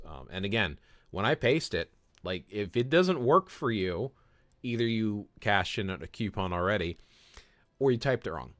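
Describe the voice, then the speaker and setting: A man with a low, fairly bright voice chats casually while live-streaming a mobile game. He greets viewers by name, answers chat, and often repeats words or restarts a thought. The sound is dry and close, with little room echo.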